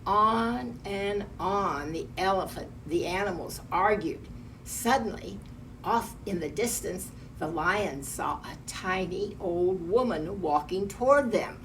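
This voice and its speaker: Woman reading a kids' picture book slow, kinda far from the mic, faint hum. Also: mid-range voice, expressive. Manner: gentle, pointing out pictures. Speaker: storyteller.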